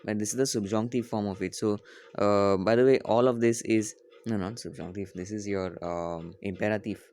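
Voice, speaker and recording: A male teacher reading a French poem aloud slowly, repeating each line and translating it, often correcting himself. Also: on the low side, fairly even intonation, a little mellow.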